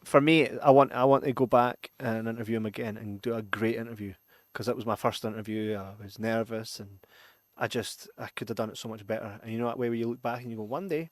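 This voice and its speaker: A man's voice: medium pitch, steady tone, quick pace, no echo. A Scottish man co-hosting a podcast in casual chat, laughing often and swearing, with Scots slang. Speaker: podcast co-host. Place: studio.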